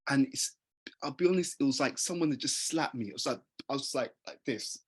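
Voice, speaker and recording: A man's voice: medium pitch, brisk, breathy edge. A man giving a motivational talk in an earnest, conversational way, often putting questions to his listeners. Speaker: motivational speaker.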